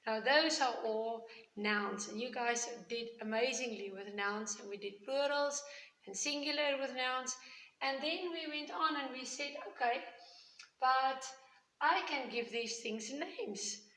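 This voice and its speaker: Bright slow woman teacher. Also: high-pitched, roomy sound, poor audio. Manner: patient, explains slowly with repeated examples. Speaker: primary school teacher. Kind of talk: recorded grammar lesson for children.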